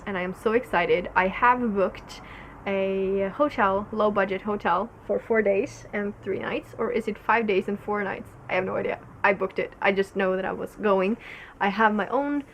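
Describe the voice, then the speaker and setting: A woman's voice: medium pitch, steady tone, moderate pace, slight background noise. A young woman from Norway, hosting a casual knitting podcast in a rambling, giggly way, full of fillers. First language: Norwegian. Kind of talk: casual solo podcast chat.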